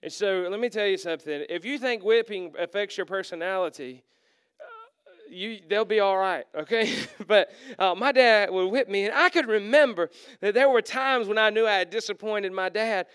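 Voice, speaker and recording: A male pastor preaching a sermon, acting out the characters and swinging from loud to hushed. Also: sits high, normal speed, clean tone, no room sound, clean studio sound.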